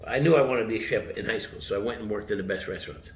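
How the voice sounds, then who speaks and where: Deep-voiced chef telling rambling stories. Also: male voice, rapid-fire. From United States. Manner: rambling anecdotes, swears, acts out quotes. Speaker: chef, interview guest. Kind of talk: casual storytelling interview. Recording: roomy with faint background noise.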